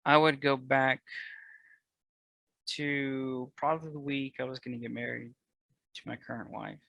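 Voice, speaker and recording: A man talking earnestly as a podcast guest about his marriage and his faith, getting loud and fervent at times. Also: medium pitch, steady tone, unhurried, gravelly, no room sound, low-quality recording. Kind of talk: candid personal conversation.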